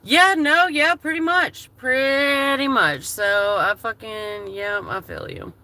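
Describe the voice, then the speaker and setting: A woman's voice: sits high, takes it slowly, sharp tone, no echo. A woman chatting candidly on a livestream, emotional and swearing freely. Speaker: live streamer. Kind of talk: casual livestream chat.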